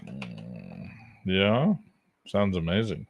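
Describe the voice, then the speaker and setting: A man's voice: low-pitched, big pitch swings, drawn-out words, creaky, lo-fi sound, a little hiss or hum. A man chatting casually on a live stream, rambling and joking to himself while he works, with frequent chuckles. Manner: rambling and jokey, talking to himself while clicking around; chuckles often between remarks. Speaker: livestreamer.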